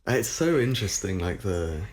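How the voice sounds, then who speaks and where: A man's voice: sits low, sing-song, moderate pace, a little hiss or hum. A man from Somerset with a near-standard southern English accent, chatting casually on a podcast in a thoughtful, hesitant way with many fillers. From Somerset, England.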